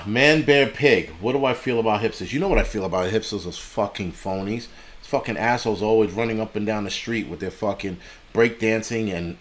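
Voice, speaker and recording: A middle-aged man from the United States hosting a casual live stream, rambling and swearing freely and breaking off to thank donors. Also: on the low side. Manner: profane, rambling, sidetracks to read donations.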